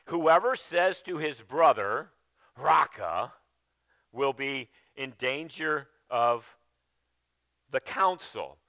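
A male pastor preaching a sermon with emphasis, often dropping to a low, quiet voice and restarting his sentences. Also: expressive, takes it slowly, long pauses, no echo. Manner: repeats phrases and restarts mid-sentence. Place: church sanctuary.

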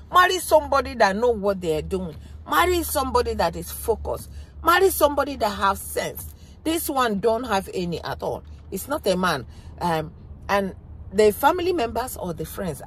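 A woman's voice: mid-range voice, a little hiss or hum. A woman giving an impassioned reaction commentary, emphatic and repeating her points. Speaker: vlogger.

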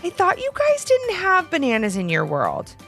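A woman's voice: very high voice, wildly swooping pitch, normal speed, fairly bright tone, soft background music, pitched above the performer's own voice, full character voice. A woman voicing a puzzled mother in a storybook.

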